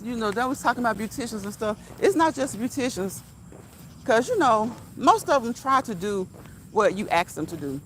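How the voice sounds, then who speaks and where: A woman's voice: fairly high pitch, slight background noise, poor audio. A woman talking casually to her viewers while out on a walk, stressing her points by repeating them. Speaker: vlogger. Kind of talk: casual walk-and-talk monologue. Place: outdoors while walking.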